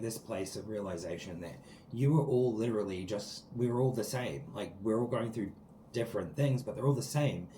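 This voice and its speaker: A man's voice: fairly low pitch, mellow, echoey room, a little hiss or hum, low-quality recording. A man giving a spiritual tarot reading to his viewers from outdoors, talking in an earnest, rambling way full of likes and ums. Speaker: tarot card reader. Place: sitting outdoors.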